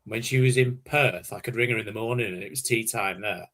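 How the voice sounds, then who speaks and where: A man's voice: lowish voice, a little fast, a bit bright, slight background noise. A man co-hosting a football podcast, chipping in helpfully with facts. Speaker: podcast co-host. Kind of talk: casual chat.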